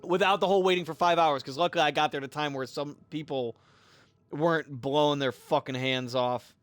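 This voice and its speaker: A man's voice: a little high, brisk, dry recording, soft background music. A man telling a story casually on a live game stream, exasperated and profane, muttering to himself as he plays. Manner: profane, exasperated, animated retelling.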